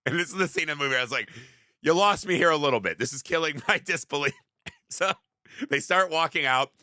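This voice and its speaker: A man co-hosting a movie podcast, telling the plot in a profane, animated way and acting out the characters' lines. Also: fairly high pitch, fast talker, no room sound, clean studio sound. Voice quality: profane, animated storytelling with acted-out quotes. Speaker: podcast co-host. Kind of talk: casual movie-review chat.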